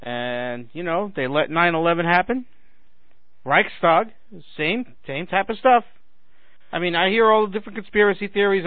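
This man in his forties hosts a political talk radio show, delivering a sarcastic rant to "ladies and gentlemen" as he struggles against a failing voice and clears his throat. His voice sits a little high and moves fairly quickly. The recording is dry, with a phone-like radio quality.

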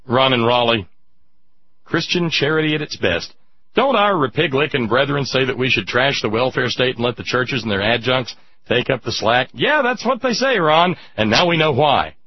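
A man hosts political talk radio in a husky, mid-pitched voice, emphatic and sarcastic as he answers listeners. The recording is dry, dull and lo-fi. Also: dry recording. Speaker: radio talk show host.

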